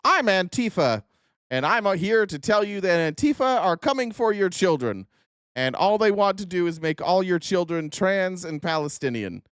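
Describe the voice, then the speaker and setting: A man's voice: high voice, big pitch swings, normal speed, a bit bright, smooth, dry recording, clean studio sound, voice pushed up. A man voicing a hammy male TV actor posing as an activist, in an overdone, mock-earnest way.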